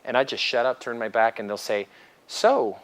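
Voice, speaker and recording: A man teaching a seminar, lively and animated, acting out bits of dialogue as he explains. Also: mid-range voice, fast, clear, resonant tone. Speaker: seminar instructor. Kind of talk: lecture to a class.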